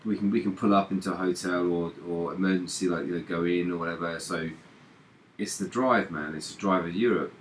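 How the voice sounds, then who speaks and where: A man with a fairly low voice chats loosely on a live stream. He rambles, restarts his words and keeps talking in an easy, casual flow. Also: steady tone, brisk, a little hiss or hum. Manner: rambling, repeats words, laughs often. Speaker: DJ and stream host.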